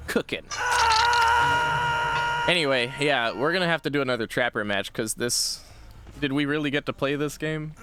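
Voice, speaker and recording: A man casually commenting on his gameplay as a streamer, playful and quick to laugh, swearing now and then at the game. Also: mid-range voice, noisy background.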